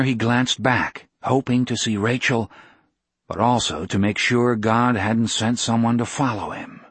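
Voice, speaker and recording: A man reading a novel aloud as narrator, with a measured, gentle delivery. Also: fairly low pitch, breathy edge, no room sound. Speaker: audiobook narrator. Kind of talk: scripted narration.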